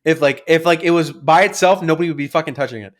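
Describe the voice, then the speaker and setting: A young man co-hosting a podcast, telling animated, sweary stories about his family. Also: quick pace. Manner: animated, sweary, acts out family members in shrill voices. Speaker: podcast co-host. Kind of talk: casual chat.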